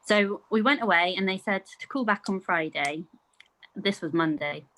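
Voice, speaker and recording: A woman's voice: medium pitch, normal speed, pushed and bright, low-quality recording. A middle-aged woman chats easily as a podcast guest. She tells her stories in a loose, conversational flow and acts out the quoted lines of others along the way. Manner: chatty, storytelling with acted-out quotes and laughs. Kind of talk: casual conversation.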